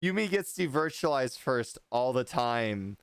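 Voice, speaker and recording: Man with a smooth, dry voice. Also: mid-range voice, lively intonation, a little slow, no echo. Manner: rambling, restarts often, swears casually. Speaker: livestream host. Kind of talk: casual livestream chat.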